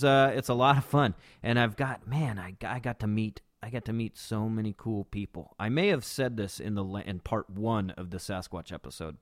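A man's voice: mid-range voice, dry recording, studio quality. A man hosting a podcast and telling a story casually, rambling with many fillers and restarts. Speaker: podcast host.

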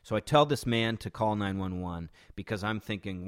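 A man's voice: lowish voice, normal speed, clean tone. A man recounting a shocking street incident in a casual, conversational way, often restarting and adding "right?" asides. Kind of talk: personal storytelling.

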